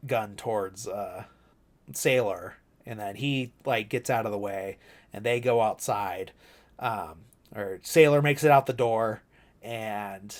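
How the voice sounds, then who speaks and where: Male podcast co-host, lowish voice, loose rambling recap, curses casually. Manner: rambling, loose, swears freely, heavy "like" and "you know".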